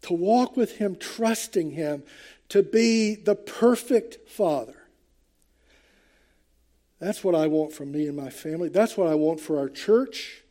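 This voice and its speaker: A man's voice: a little high, unhurried, dark tone. An older man preaching a sermon to his congregation in church, earnest and conversational, with hesitant fillers. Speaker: pastor.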